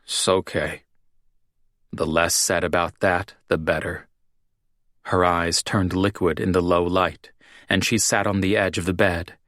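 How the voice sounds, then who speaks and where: A man narrating a romance audiobook in the first person, with measured, even storytelling. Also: deep voice, no room sound, clean studio sound.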